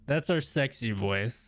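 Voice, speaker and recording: A man's voice: medium pitch, a bit bright. A man streaming live, chatting casually with viewers in an easygoing, rambling way and laughing often. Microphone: studio mic through audio mixer. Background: faint background music.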